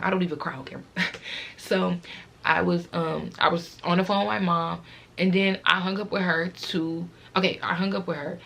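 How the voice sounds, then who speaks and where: A woman's voice: fairly low pitch, steady tone, normal speed, vocal fry, a bit bright. A teenage girl vlogger telling a casual, rambling storytime, fighting back tears as she talks.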